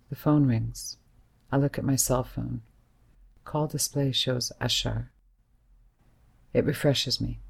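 A woman's voice: very deep voice, gravelly, a little mellow, husky. A woman reading a first-person story aloud in a plain, inward, present-tense manner. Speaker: narrator. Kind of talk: first-person audiobook narration.

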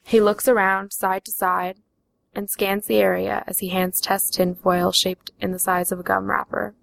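A woman reading her own memoir aloud in the first person, slow and even. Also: mid-range voice, creaky, dry recording, poor audio.

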